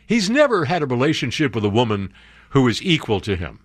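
Animated, sarcastic man reading the news. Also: mid-range voice, a little fast, breathy edge, dry recording, studio quality. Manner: animated and sarcastic, breaks in with asides and jokes. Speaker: commentary show host. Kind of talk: reading news aloud with running commentary.

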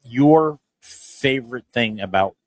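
A man's voice: medium pitch, animated, slow, low-quality recording. A man hosting a casual interview at a golf show booth, asking easygoing, rambling questions.

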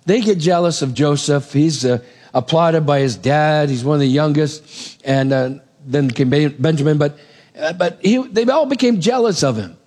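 Male preacher, sermon, casual retelling, animated asides, fairly high voice. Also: normal speed. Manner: animated, conversational, with asides to the congregation.

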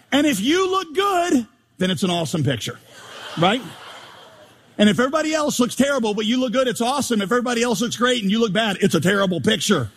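A man preaching a sermon as pastor, animated and joking, firing rhetorical questions at the congregation. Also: high voice, breathy edge. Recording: long hall reverb.

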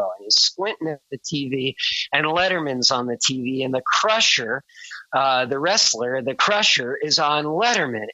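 A man with a very bright, sharp voice tells an anecdote with gusto and slips into the voices of the people in it. The sound is dry and close, with no room around it, and the recording is a little dull and lo-fi. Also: mid-range voice, dry recording. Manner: lively storyteller who acts out quoted voices. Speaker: musician and author. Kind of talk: telling an anecdote.

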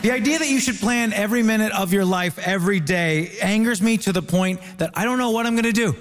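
A comedian from Ontario doing stand-up with wry, deadpan punchlines. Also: male voice, high-pitched, fast talker, long reverb tail. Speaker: comedian, debater.

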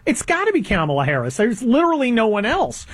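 A high-voiced man in his fifties hosts a political talk, sardonic and rambling, filling his sentences with stammers and fillers. His voice sounds close and dry, with no room echo. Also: wildly swooping pitch, fast talker, husky. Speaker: podcast host. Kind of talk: opinionated conversational commentary.

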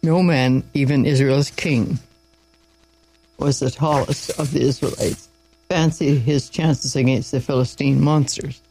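A man's voice: mid-range voice, fairly even intonation, a little slow, a little mellow, a little hiss or hum, poor audio. A man reading a Bible story aloud in an informal way, with small slips and asides along the way.

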